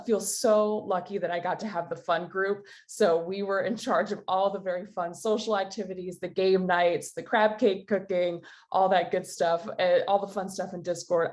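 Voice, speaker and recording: A woman's voice: fairly low pitch, a little mellow. A woman working as a programs specialist, giving upbeat thanks at a conference closing over a video call.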